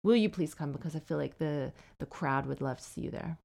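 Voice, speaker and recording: Reading listener emails aloud, this forty-something podcast host and comedian keeps things chatty, wry and teasing. Her voice is low and warm with vocal fry, and her pace is brisk.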